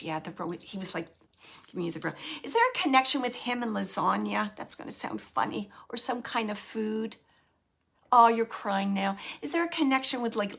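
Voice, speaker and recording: A woman's voice: on the high side, fairly bright tone. A woman medium giving a live reading, chatty and searching, with many fillers as she relays messages from the spirit. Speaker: medium and show host.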